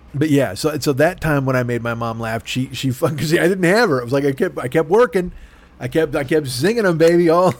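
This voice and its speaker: A middle-aged man telling a long, profane, self-deprecating story in a rambling podcast monologue. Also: mid-range voice. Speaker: podcast host.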